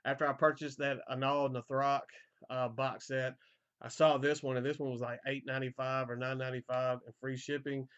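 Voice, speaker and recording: Male vlogger, hoarse, easygoing record-collector chatter, muffled low-fi sound. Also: fairly quick. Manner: relaxed, rambling, frequent fillers and repeated starts. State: voice going hoarse. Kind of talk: casual album collection update.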